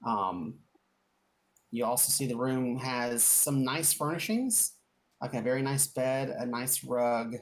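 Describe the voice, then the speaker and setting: A woman's voice: extremely low pitch, animated, takes it slowly. A woman narrating as game master of a tabletop game, describing scenes in a rambling way with many restarts.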